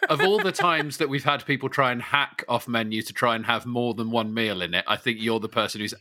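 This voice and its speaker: A man's voice: mid-range voice, very animated, brisk, sharp tone, no room sound, clean studio sound. A man co-hosting a chatty podcast, wry and anecdotal. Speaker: podcast co-host. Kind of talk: casual chat.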